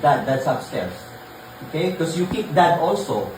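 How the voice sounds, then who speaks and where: A woman gently but firmly settles her child in a home vlog, her pitch swinging widely between soothing and stern. She sounds some distance from the mic in a very reverberant living room. Steady household noise runs underneath. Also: normal speed. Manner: patient, coaxing, firm but gentle. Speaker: mother. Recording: echoey room, far from mic, background noise.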